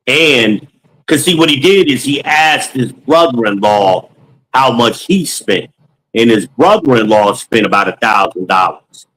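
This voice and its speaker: A man's voice: medium pitch, animated, unhurried, fairly bright tone, low-quality recording. A man casually telling a story from his sales days, slangy and loose, acting out dialogue with frequent ums.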